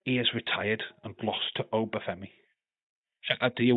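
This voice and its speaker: A man with a Yorkshire accent hosts a live watch-along stream in a loose, chatty way, laughing often and swearing freely. His voice sits on the low side. The sound is tinny and phone-like, with a dry, close feel. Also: fairly even intonation, moderate pace, husky, dry recording. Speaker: livestream host.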